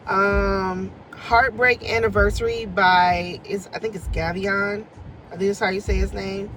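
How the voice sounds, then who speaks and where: A woman's voice: medium pitch, fairly even intonation, measured pace, a bit bright, a little hiss or hum, rough recording. A woman, chatting casually and animatedly from her parked car as a tarot reader, laughing and swearing freely. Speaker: tarot reader and life coach. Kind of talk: casual chat to camera.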